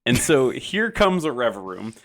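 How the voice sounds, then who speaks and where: A man on a comedy podcast who talks in a lively, swooping way, with his pitch jumping up and down as he jokes through his ideas. His speech is casual and has some cursing in it. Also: normal speed. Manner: animated, swears, laughs while explaining picks. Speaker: podcast co-host.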